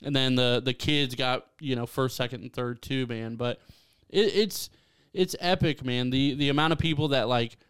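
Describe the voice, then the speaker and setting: A young man from Ohio co-hosting a podcast, chatting casually and excitably, laughing often and saying dude and man a lot. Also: medium pitch, normal speed, clear, resonant tone. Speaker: podcast co-host. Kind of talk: casual chat.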